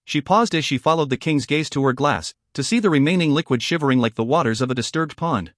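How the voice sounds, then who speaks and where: A man narrating a fantasy audiobook in an even, storytelling manner. His voice sits a little high for a man, and the recording is close and dry with no room sound. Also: fast, hardly any pauses, no room sound.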